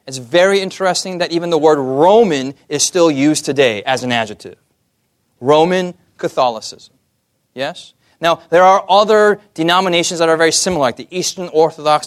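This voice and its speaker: Man, young adult, preacher, sermon, question-and-answer delivery, fairly high voice. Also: a little fast. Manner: asks the audience questions, calls for amens.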